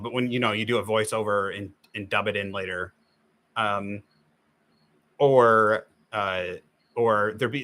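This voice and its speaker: While drawing on his livestream, a man chats loosely and often restarts his thoughts, first grumbling and then walking viewers through drawing tips step by step. His voice is on the low side, bright and forceful.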